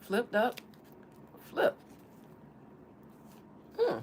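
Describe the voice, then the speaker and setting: A woman's voice: a little high, wildly swooping pitch, extremely slow, a little hiss or hum. A woman from the American South with a Southern accent, hosting a casual tarot reading and talking in a sassy, teasing drawl. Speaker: tarot reader and channel host.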